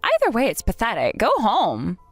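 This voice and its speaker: A woman's voice: a little high, huge pitch swings, moderate pace, dry recording, faint music behind. A woman voicing a snobbish, entitled young bride who talks down to others in a mocking, haughty way, in a dramatized story. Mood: scornful.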